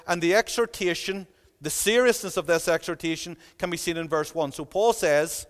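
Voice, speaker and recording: An earnest man delivers a sermon, pressing his points home through emphatic repetition. His voice sits high for a man. A long reverb from the church hall trails behind every phrase. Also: normal speed. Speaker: preacher.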